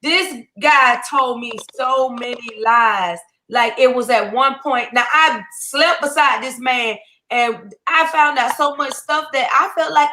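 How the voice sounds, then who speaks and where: A woman's voice: sits high, takes it slowly, slight background noise. A woman comedian, telling a story in a casual video chat and acting out the voices in it. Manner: animated, acts out the voices in her story. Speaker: guest comedian. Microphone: online video chat.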